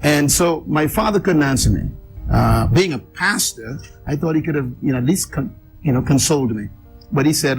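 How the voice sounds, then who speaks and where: A man's voice: fairly high pitch, animated, soft background music, rough recording. Emphatic man telling his life story. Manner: emphatic storytelling with repeated phrases and dramatic pauses. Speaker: interview guest. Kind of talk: personal life story in an interview.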